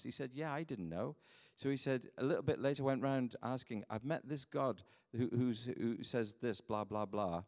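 Brytyjski pastor opowiadający historie. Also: male voice, medium pitch, fairly quick, big-room sound. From United Kingdom. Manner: storytelling, animated, laughs at his own stories. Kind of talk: sermon with personal mission stories.

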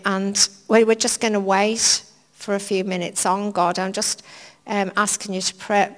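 A woman preacher giving an informal sermon in a church hall, chatty, anecdotal and gently humorous. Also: medium pitch. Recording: long reverb of a church hall.

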